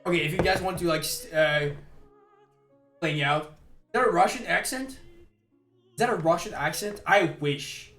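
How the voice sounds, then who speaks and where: A young man from Quebec with a Québécois French accent, chatting on a live stream, excitable and stammering, laughing often. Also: a little high, a little slow, long pauses. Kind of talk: casual live-stream chat. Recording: echoey room with faint music.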